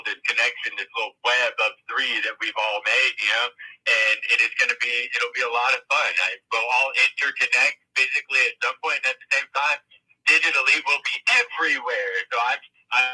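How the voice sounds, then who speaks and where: A man with a very bright, husky voice talks in a reassuring, reflective way. He comes through a tinny, phone-like line. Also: mid-range voice. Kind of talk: casual chat.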